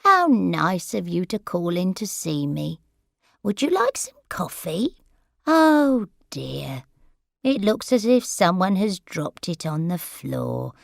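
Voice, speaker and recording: A woman's voice: on the low side, sing-song, slow, vocal fry, no echo, studio quality, full character voice. A woman voicing a confused elderly woman with dementia who drifts between sweet politeness and fear. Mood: bewildered. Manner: wandering, frightened, then shouting and sobbing.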